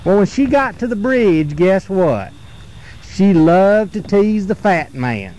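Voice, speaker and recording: Man, folksy storyteller, high lively voice, outdoor campfire. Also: rough recording. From North Carolina. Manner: folksy, repetitive, drawn-out storytelling. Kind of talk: folk tale told around a campfire. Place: outdoors around a campfire in the woods.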